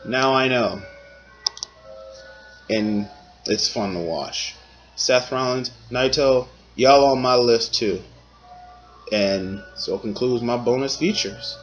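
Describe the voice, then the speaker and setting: Laid-back slangy man, middle pitch. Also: unhurried, pauses often, a bit bright, soft background music, rough recording. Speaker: wrestling commentary vlogger. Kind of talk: casual ranking commentary.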